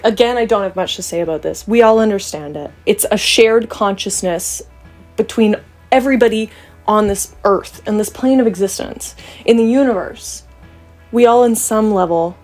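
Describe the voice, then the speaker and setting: A young woman from Canada talks straight to camera in a relaxed, joking way, full of playful asides and teasing tangents. Her voice sits at an ordinary middle pitch, with soft music playing faintly underneath. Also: moderate pace. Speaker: vlogger. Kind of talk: casual chat to camera.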